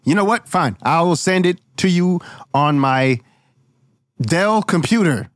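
A man's voice: a little high, animated, measured pace, no room sound, clean studio sound. A man playing a crabby, foul-mouthed male teacher who keeps snapping about a dog. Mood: irritated. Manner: irritated, swears often.

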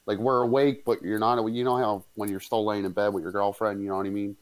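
Low-voiced man telling a rambling story. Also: flat delivery, fast talker. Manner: rambling, many fillers and crude swearing. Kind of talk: casual storytelling.

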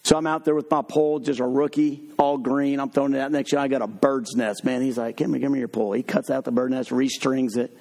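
A man preaching a sermon, mixing funny stories with slow, emphatic points. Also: mid-range voice. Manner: lively, humorous storytelling with sudden drops to slow emphatic points.

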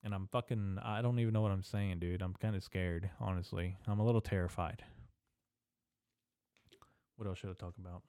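A man's voice: low-pitched, fairly even intonation, moderate pace, pauses often, mellow, smooth, no echo. A young man hosting a solo podcast, rambling and swearing in casual slang, talking into a studio mic on a stand in a small room. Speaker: podcast host. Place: small echoey room in an old building.

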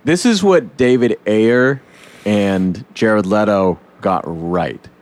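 A man's voice: on the low side, slow pace. A man hosting a casual podcast chat, talking loosely with swearing and acting out scenes. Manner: animated, swears, acts out comic scenes in voices. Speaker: podcast host.

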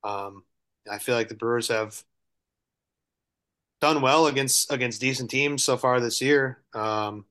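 Midwestern male co-host, medium pitch, halting delivery, dry wit. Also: fairly bright tone, clean tone. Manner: hesitant, lots of fillers and restarts, dry humor. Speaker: podcast co-host. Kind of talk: casual sports podcast chat.

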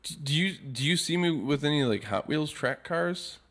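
A man's voice: fairly high pitch, lively intonation, normal speed, fairly bright tone. A man co-hosting a comedy podcast, rambling through stories with lots of fillers and teasing his co-host. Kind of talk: comedic casual banter.

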